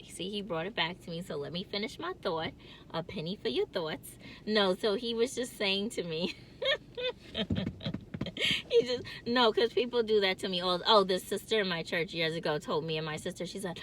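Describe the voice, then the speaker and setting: A woman's voice: mid-range voice, normal speed, fairly bright tone, a little hiss or hum. A woman vlogging from her car in casual chat, with a distinctive nasal voice, rambling and laughing often.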